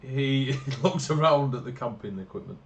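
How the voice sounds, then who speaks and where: A man's voice: medium pitch, animated, normal speed, lo-fi sound, slight background noise. A man running a tabletop game and laughing often in loose, chatty talk. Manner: laughing, loose and chatty, plays shopkeepers briefly. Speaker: game master. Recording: online call with faint music behind.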